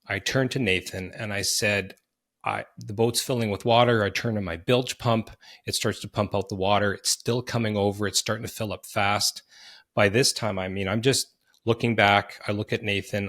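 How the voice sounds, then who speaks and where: Middle-aged man, podcast host, lowish voice, earnest personal storytelling. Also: fairly bright tone. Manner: vivid, earnest storytelling with restarts.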